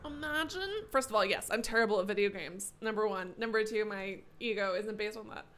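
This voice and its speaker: A young adult woman live streaming a video game, chatting casually with sarcastic, animated rants. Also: mid-range voice, brisk, a little hiss or hum. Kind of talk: casual chat while gaming.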